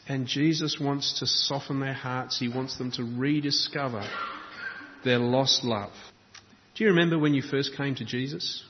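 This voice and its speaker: A man's voice: mid-range voice, measured pace, long reverb tail, muffled recording, slight background noise. A man preaching a sermon, building rhythmic lists and asking reflective questions.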